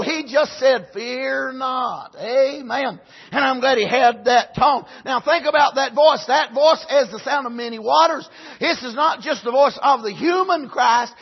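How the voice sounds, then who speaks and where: A male preacher gives a sermon dotted with amens, swinging between loud cries and soft, low passages. His voice has a breathy edge, and the recording's highs are cut off.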